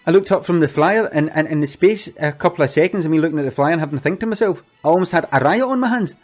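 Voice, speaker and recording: A man's voice: fairly high pitch, racing, darkish tone, soft background music, lightly acted. A man voicing an anxious, flustered male event organiser who stammers and repeats his words in an earnest, apologetic way. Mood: rueful. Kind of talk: comic monologue.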